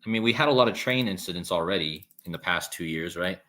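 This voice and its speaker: Male livestream host, low-pitched, loose and rambling, reads chat. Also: fast talker, a bit bright. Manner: rambling, restarts, reads viewer comments aloud. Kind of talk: casual live-stream talk reading chat.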